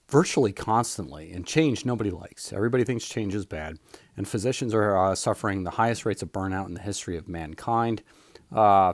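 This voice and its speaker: A man's voice: fairly low pitch, dry recording, clean studio sound. A younger man hosting his own podcast, talking in a blunt, opinionated solo monologue that rambles with many fillers. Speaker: podcast host, physician.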